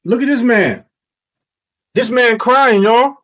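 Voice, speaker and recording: A man hosting a reaction commentary, talking in a preachy, emphatic way that rises to shouts. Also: very high-pitched, takes it slowly. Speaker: commentary host.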